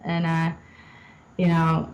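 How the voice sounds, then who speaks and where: A woman's voice: low voice, completely flat delivery, takes it slowly, darkish tone, dull audio. A young adult woman, a podcast guest, chatting casually and laughing often as she shares stories. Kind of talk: casual interview chat.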